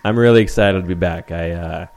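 A married man co-hosting a podcast in casual chat, with a wry, deadpan sense of humor. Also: deep voice, a little fast. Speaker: podcast co-host.

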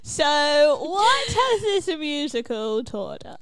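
A woman co-hosts a podcast in casual chat, her high voice bouncing all over the place. She laughs easily and keeps the talk moving. The sound is dry and close. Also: big pitch swings, takes it slowly, fairly bright tone, no room sound. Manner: bubbly, laughs often, steers the talk. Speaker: podcast co-host.

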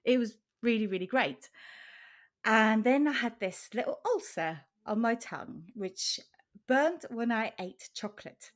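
A woman's voice: fairly high pitch, lively intonation, a little slow. A woman from Switzerland co-hosting a podcast, chatting casually and telling her story with frequent laughs. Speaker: podcast co-host. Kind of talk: casual chat.

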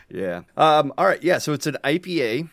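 A man's voice: a little high, very animated, normal speed, fairly bright tone, dry recording, studio quality. A young American man co-hosting a casual podcast, laid-back and joking, often laughing as he talks. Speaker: podcast co-host. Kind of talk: casual beer-drinking podcast chat.

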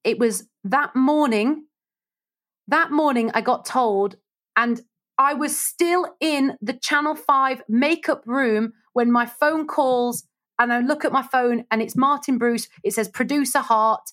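A woman radio presenter, a guest in an interview, telling stories in a lively chat and acting out the voices of the people she quotes. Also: high voice, unhurried. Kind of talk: casual storytelling interview.

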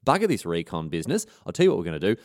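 A brash male soldier, played by a man, cocky and full of rough slang. He talks fast with a lively, swinging pitch and a lowish voice. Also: no room sound, studio quality, exaggerated voice. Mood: scheming. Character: brash male soldier hatching a bold plan.

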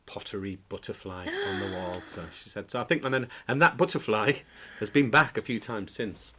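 A lower-pitched man with a slightly husky voice, chatting casually as a guest. He tells anecdotes in a loose, jokey way, restarting phrases and laughing between them. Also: animated, brisk, bright, forceful tone. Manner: storytelling, jokey, many restarts, breaks into laughter. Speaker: pantomime dame actor, guest. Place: indoor podcast recording.

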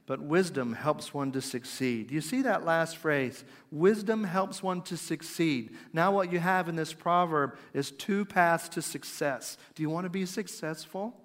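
A middle-aged man preaching a conversational sermon, asking his listeners questions and dropping to a quiet, slow voice for emphasis. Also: on the high side. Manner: conversational, asks the audience questions. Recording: long hall reverb.

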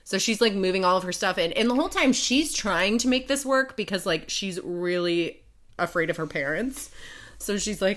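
Speaking at medium pitch and a moderate pace, this late-twenties podcast co-host casually walks through the plot of a novel. She's an animated storyteller who performs the characters' dialogue as she goes.

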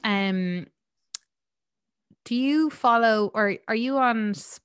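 A woman's voice: a little high, slow pace, a bit bright, smooth, dry recording, studio quality. A woman from Ireland co-hosting a podcast, chatting casually with lots of fillers and some swearing. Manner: rambling with many fillers and swearing. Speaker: podcast co-host. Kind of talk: casual chat.

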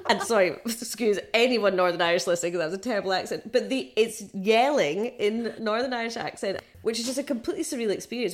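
A pregnant woman co-hosting a casual podcast, telling animated stories and laughing often. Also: medium pitch. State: six months pregnant. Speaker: co-host.

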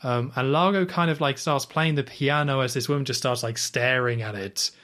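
Medium pitch, normal speed, a bit bright: that's this podcast co-host. He casually retells a film scene, filling it with "like" and playful quoted reactions.

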